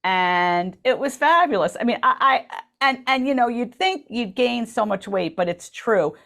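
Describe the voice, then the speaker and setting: A woman's voice: fairly high pitch, animated, a little slow, gravelly, fairly bright tone. A woman co-hosting a radio talk show, telling a story in an enthusiastic, chatty way full of ums. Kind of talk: casual chat. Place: radio studio.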